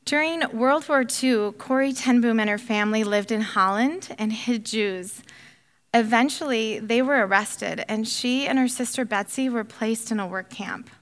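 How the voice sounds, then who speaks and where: A woman leading a women's Bible study, praying and teaching in an earnest, gentle way with hesitant fillers. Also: on the high side, normal speed. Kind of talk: prayer and Bible teaching with read-aloud story.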